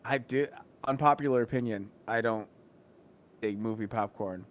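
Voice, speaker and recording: A man's voice: mid-range voice, moderate pace. A man co-hosting a podcast, laid-back and teasing in casual banter. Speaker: podcast co-host.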